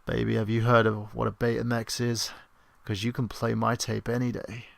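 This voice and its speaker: A man's voice: mid-range voice, level tone, moderate pace, gravelly, dry recording. A British man putting on a creepy seductive lover voice. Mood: mock-seductive. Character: creepy sultry male seducer, mock-romantic.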